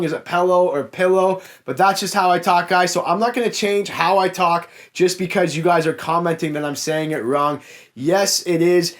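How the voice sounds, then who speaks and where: A young man with a Canadian accent from the Niagara area, a car salesman hosting a casual Q&A and frankly answering viewer comments in a chatty way. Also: a little high. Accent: Canadian, Niagara Ontario. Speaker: car salesman and YouTube host.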